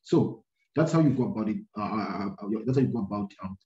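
A man teaching a maths lesson, talking his way through a graph problem out loud, with many fillers and a habit of checking "right?" after each step. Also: lowish voice, animated, fast talker. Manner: thinking aloud, many fillers and repeated "right?". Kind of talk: screen-recorded maths lesson. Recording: roomy, dull lo-fi sound.

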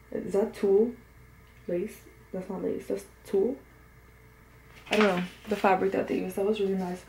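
A young woman with a cold, sniffling, chatting casually and gushing with sudden squeals while unboxing an album. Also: mid-range voice. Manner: excitable, gushing, often confused, with sudden squeals and gasps. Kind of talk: casual unboxing chat to camera. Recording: echoey room, faint background noise.

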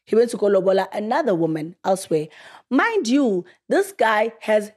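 Husky-voiced South African woman host. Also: mid-range voice, normal speed. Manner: animated storytelling, acting out quotes. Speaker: podcast host. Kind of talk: casual chat.

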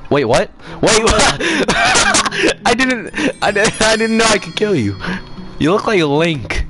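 A young man streaming a game, chatting and yelling excitedly at other players and taunting the game. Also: high voice, moderate pace, loud music behind the voice, low-quality recording. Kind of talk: casual gameplay commentary.

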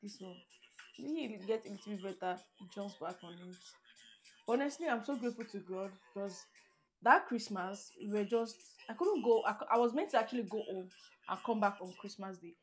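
A chatty woman talks to her vlog viewers. She is heartfelt and open. Her voice sits at a middle pitch. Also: lively intonation, normal speed. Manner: chatty, laughs often, heartfelt. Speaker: vlogger. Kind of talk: casual vlog chat. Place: living in Greater Manchester, UK.

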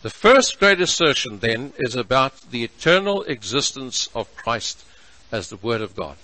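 A man preaching a sermon as pastor, measured and emphatic, stretching out his key words. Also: mid-range voice, very animated, pushed and bright, poor audio. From South Africa.

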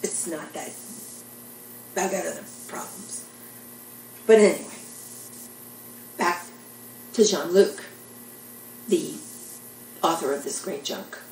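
Older woman, low gravelly voice, chatty rambling joke-teller, mic set back in a roomy space. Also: takes it slowly, pauses often, a little mellow, recorded from a distance, a little hiss or hum. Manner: chatty, rambling, self-deprecating. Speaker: vlogger telling jokes. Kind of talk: casual storytelling monologue.

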